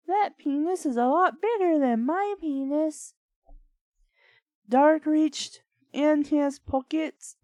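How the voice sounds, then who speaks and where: A woman reading bad fan fiction aloud, breaking off for deadpan sarcastic asides. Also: high voice, dry recording, highs cut off. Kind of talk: dramatic reading with sarcastic commentary.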